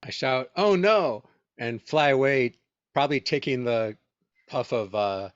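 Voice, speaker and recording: A man playing in a tabletop role-playing game, tossing in quick, joking lines about his character. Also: medium pitch, clear, resonant tone, dry recording. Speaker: player. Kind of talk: casual tabletop role-play. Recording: dry, slightly muffled stream audio.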